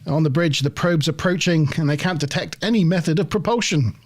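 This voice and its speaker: A man's voice: on the high side, a little fast. A man hosting a review podcast, casually recapping an episode scene by scene with a chatty, lightly laughing manner. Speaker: podcast host.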